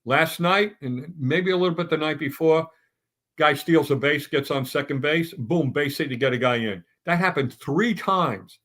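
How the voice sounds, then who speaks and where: A man's voice: on the high side, moderate pace, fairly bright tone. A middle-aged man on a sports talk round table, ranting bluntly and stumbling through restarts as he builds his points.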